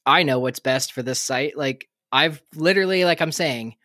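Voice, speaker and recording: This podcast co-host has a fairly high, pushed, bright voice and speaks at normal speed, recorded cleanly in a studio without room sound. The conversation is casual, with rambling, jokes, frequent fillers, and laughter.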